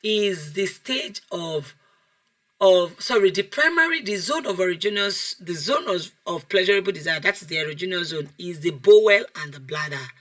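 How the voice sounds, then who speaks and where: A woman, a child development coach giving an online class lecture over a video call, animated, asking the class questions and repeating phrases for emphasis. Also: lowish voice, normal speed.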